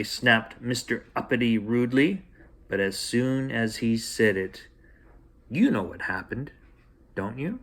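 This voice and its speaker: Man reading a lively bedtime story. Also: mid-range voice, unhurried. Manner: gentle, playful reading aloud to children. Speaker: storyteller host. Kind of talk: bedtime story read aloud.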